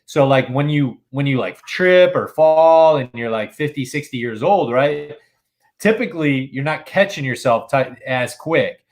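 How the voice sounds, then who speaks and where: A man's voice: medium pitch, animated, measured pace. A man in casual podcast chat, explaining with enthusiasm, many restarts, and frequent use of "dude". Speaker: podcast co-host.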